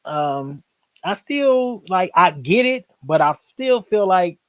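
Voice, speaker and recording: Brief: male live-stream host, slightly high voice, rambling casual reactions, dry close sound. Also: takes it slowly, dry recording. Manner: rambling and animated, many fillers.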